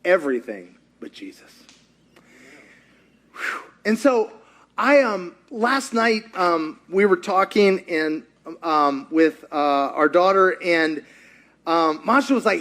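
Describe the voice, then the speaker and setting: A middle-aged man preaching with a high, bright voice. He tells the story with energy, acts out each character's lines and keeps asking the congregation questions. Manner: animated storyteller, acts out quotes, asks the audience. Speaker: pastor. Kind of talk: sermon.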